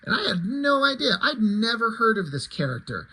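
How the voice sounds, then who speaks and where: Man, casual comic book chat, rambling, blunt, husky, slightly high. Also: sing-song, normal speed, bright, forceful tone, rough recording.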